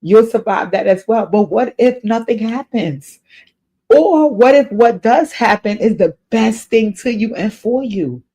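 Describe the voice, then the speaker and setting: A woman's voice: a little high, expressive, unhurried, warm tone, slightly rough. Earnest woman giving heartfelt advice. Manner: earnest and encouraging, repeats key lines for emphasis; spiritual advice. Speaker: advice show host. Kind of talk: answering a viewer's letter in casual spoken advice. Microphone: off camera, voice only.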